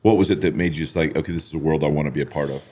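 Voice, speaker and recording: A man's voice: rumbling low, fairly even intonation, rapid-fire, warm tone. A man hosting a casual interview, encouraging his guest with frequent short affirmations. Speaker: podcast host.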